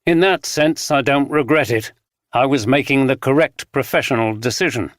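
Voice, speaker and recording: A narrator giving voice to a dejected film director in a storybook, earnest and a little bitter. He sits slightly above the reader's normal pitch, in a dry, close recording. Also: normal speed, no echo, close to an everyday voice.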